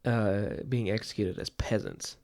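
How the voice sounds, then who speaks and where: A man's voice: fairly low pitch, unhurried, creaky, a little mellow. A man co-hosting a podcast, thinking aloud about a book in casual chat, often stammering and repeating words. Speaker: podcast co-host.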